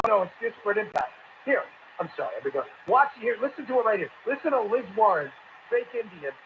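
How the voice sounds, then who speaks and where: Middle-aged male political host, combative and sneering, higher voice, faint hiss behind. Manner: blunt, mocking, repeats insults. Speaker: political talk show host. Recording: tinny phone-like audio, faint hiss.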